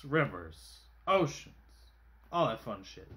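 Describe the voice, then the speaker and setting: A man's voice: medium pitch, wildly swooping pitch, takes it slowly, bright, forceful tone. Goofy overtired man reviewing water. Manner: goofy, profane, exaggerated outbursts. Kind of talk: casual product review vlog.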